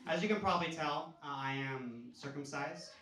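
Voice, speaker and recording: A man in his thirties works a comedy club stage, talking loosely and casually between jokes. His voice sits a little high for a man. It comes across roomy and somewhat distant, with plenty of noise from the club around him. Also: moderate pace. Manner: conversational storytelling, jumps to loud yelling for punchlines. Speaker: stand-up comedian. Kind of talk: stand-up comedy set. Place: comedy club stage before a laughing audience.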